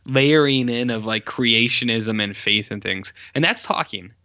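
A man in casual podcast chat reviewing a film, rambling along with many fillers and quick self-corrections. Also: medium pitch, pushed and bright, dry recording, lo-fi sound. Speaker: podcast co-host reviewing films.

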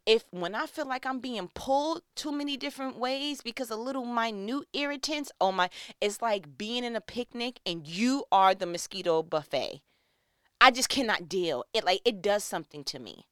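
A woman's voice: on the high side, animated, moderate pace, smooth, no room sound, clean studio sound. A woman in her thirties giving a casual devotional talk, acting out little scenes in other voices.

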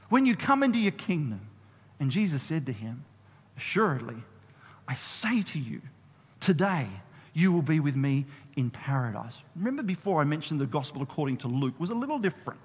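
Husky high-voiced guy preaching, chatty and animated, big hall reverb. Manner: animated, conversational preaching with audience call-and-response. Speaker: pastor. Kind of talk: sermon. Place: church hall. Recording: long reverb of a church hall.

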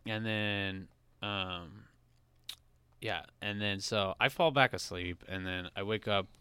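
A man's voice: on the low side, slow pace, clear, resonant tone, no room sound. A young man telling a crude story in casual chat, swearing often and acting out the voices of the people he quotes. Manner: animated, swears a lot, acts out quoted voices.

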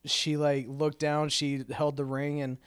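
A man's voice: on the high side, completely flat delivery, measured pace, clear, resonant tone, dry recording, studio quality. A young man visiting as a podcast guest, chatting casually, laughing often and swearing. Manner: laughs a lot, swears, teasing. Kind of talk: casual chat.

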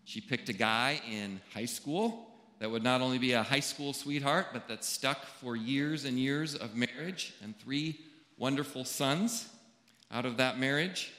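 Slow-speaking pastor in an echoing hall. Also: male voice, medium pitch, pushed and bright. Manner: slow, deliberate delivery with long pauses. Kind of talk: funeral sermon. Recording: echoey hall with long reverb.

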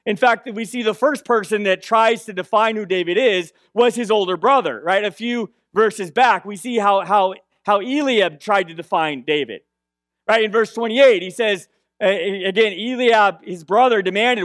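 A young man preaches in a loose, conversational way, constantly tagging his points with a questioning "right?". His voice sits high for a man. The sound is close and dry. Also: moderate pace, fairly bright tone, dry recording. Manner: conversational, repeats "right?" often. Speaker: pastor. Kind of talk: sermon.

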